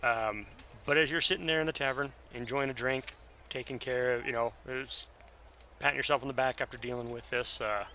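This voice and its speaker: A man narrating as game master for a tabletop game, halting with many ums and self-corrections. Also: medium pitch, fairly even intonation, sharp tone, slight background noise.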